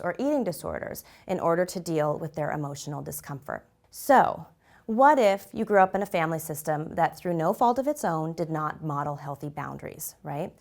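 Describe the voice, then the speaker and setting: A woman presenting a scripted mental health lesson, calm and explanatory, often checking in with "right?". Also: mid-range voice. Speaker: clinical psychologist presenting a mental health segment. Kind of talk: scripted educational talk to camera.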